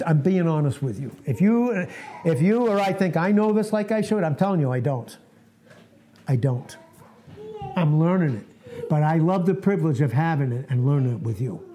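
Preaching informally to a small fellowship, a man in his late sixties has a slightly high yet mellow, warm voice. He's earnest, folksy and self-deprecating, often saying things twice. A faint hiss or hum sits under the audio.

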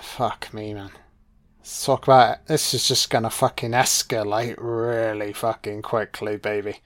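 A man's voice: fairly low pitch, level tone, unhurried, fairly bright tone. A man giving casual watch-along film commentary, swearing freely and talking back at the screen. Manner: profane, reactive, talks back at the screen.

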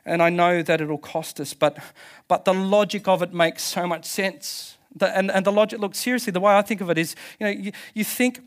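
A man's voice: sits high, steady tone, fairly quick. A man preaching a passionate sermon as pastor at a church service, emphatic, with restarts and laughs.

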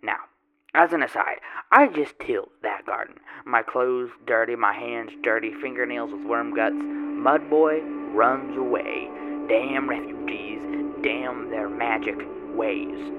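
A man's voice: medium pitch, slow, phone-quality sound, natural voice. A man playing a boastful, grubby male tomato grower, telling his tale in a rambling folksy way with odd grammar, in a first-person character monologue. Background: music.

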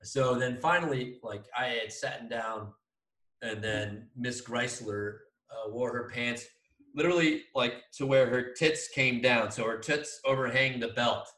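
Casual young male host, swears a lot and rambles through anecdotes, average pitch, recorded in a roomy space. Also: measured pace. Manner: profane, rambling, acts out quotes loudly. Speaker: podcast host. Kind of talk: casual storytelling chat. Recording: echoey room.

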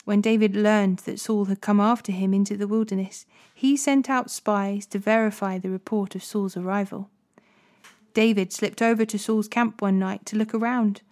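A woman reading Bible passages aloud as host of a daily reading series, in clear, steady narration. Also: medium pitch, normal speed. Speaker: Bible reader. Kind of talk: scripture reading.

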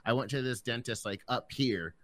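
A man's voice: medium pitch, normal speed, fairly bright tone. A young man chatting on a podcast, telling a story with lots of swearing and acting out what others said. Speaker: podcast co-host. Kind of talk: casual chat.

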